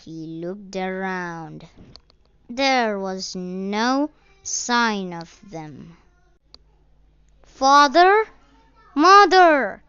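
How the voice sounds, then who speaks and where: A woman slowly and deliberately reading a children's story aloud as its narrator. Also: medium pitch, expressive, fairly bright tone, smooth, no echo, dull audio.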